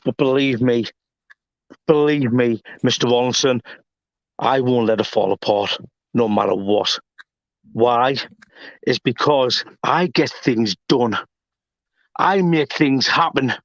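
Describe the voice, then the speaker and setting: A wrestling promoter cutting a threatening promo, taunting his opponent and rising to shouts. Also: medium pitch, dry recording. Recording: dull lo-fi sound.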